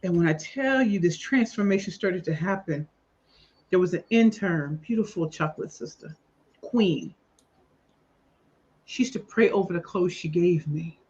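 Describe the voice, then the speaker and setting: A woman appearing as a talk show guest, telling her personal story candidly and emphatically, with sudden loud bursts on key words. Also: on the low side, animated, normal speed, pauses often. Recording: slightly dull lo-fi audio.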